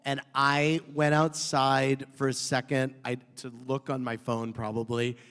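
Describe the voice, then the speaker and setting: A man telling rambling, animated anecdotes in an onstage conversation. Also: medium pitch, unhurried, smooth, long reverb tail. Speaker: author being interviewed.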